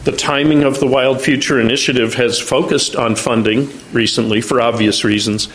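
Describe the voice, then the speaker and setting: Man giving a halting meeting briefing. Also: mid-range voice, rough recording. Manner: halting, frequent ums and restarts. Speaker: agency outreach staff presenting at a meeting.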